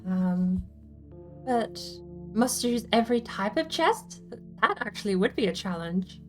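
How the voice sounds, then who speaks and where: A woman's voice: mid-range voice, lively intonation, unhurried, a little mellow, soft background music. A woman hosting a casual livestream, thinking aloud as she explains her game build ideas. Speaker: streamer host.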